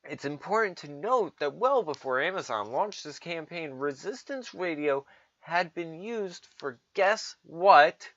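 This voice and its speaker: Male commentator, slow drawling sarcastic rant, swearing, dull low-fi sound. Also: lively intonation, fairly bright tone, dry recording. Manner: sarcastic, profane, mocking voices. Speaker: political commentator. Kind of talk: ranting political commentary.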